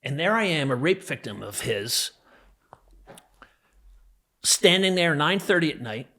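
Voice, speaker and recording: A man's voice: a little high, sing-song, unhurried, bright, forceful tone. Intense man from New Jersey telling his story. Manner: intense, emphatic, vivid retelling of a violent memory. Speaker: podcast guest. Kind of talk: personal storytelling in a podcast interview.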